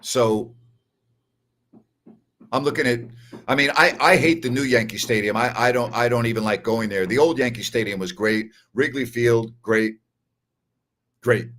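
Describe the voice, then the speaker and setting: A man's voice: mid-range voice, moderate pace, pauses often, fairly bright tone. An older man hosting a sports talk show, chatting casually and telling stories while repeating phrases for emphasis. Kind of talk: casual live-stream chat.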